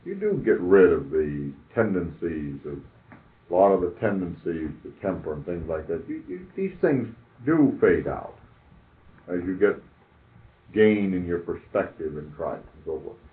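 A man's voice: deep voice, very animated, a little slow. An older man preaching a sermon in a conversational, emphatic way, asking rhetorical questions. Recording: tinny phone-like audio.

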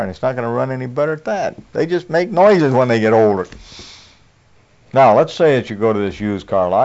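A man preaches in a homespun, folksy sermon, chuckling often between points. His pitch swings up and down with lively emphasis. The recording sounds dull and lo-fi. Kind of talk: conversational sermon.

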